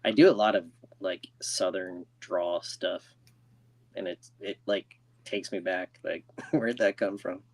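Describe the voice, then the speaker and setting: A man co-hosting a podcast, chatting casually in a relaxed, agreeable way and laughing easily. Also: low voice, measured pace, no echo. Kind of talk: casual chat.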